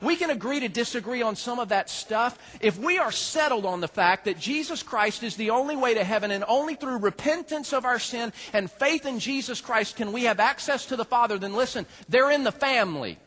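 A man preaching a sermon as a pastor, folksy and joking, with animated storytelling. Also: very high-pitched, fairly quick, hardly any pauses.

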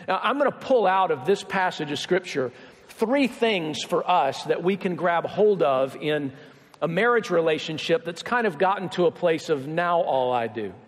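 Male pastor, conversational sermon, high voice, long hall reverb. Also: lively intonation, normal speed. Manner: conversational, acts out Bible characters' lines.

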